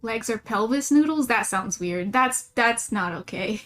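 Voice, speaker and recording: A woman's voice: on the high side, lively intonation, a little slow, a bit bright, faint music behind. Giggly young woman rambling while drawing. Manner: rambling, giggly, self-mocking. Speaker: streamer. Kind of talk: casual livestream chat while drawing.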